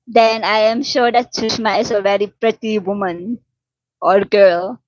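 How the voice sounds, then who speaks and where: Speaking a little slowly with fairly even intonation, a Surinamese woman hosts a relaxed live chat from her Delhi home, replying to and teasing her viewers. Her mid-range voice has no room sound, captured in dull, dry, lo-fi audio.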